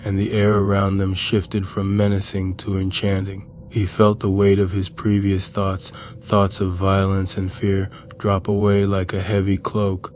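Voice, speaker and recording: Deep monotone man narrating horror. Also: a little hiss or hum. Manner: slow, even, measured reading.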